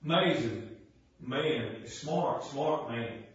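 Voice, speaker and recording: A man preaching a fervent sermon in a folksy, repetitive way that builds to impassioned shouting. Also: medium pitch, expressive, extremely slow. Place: church sanctuary. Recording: very echoey church sound from far off, dull.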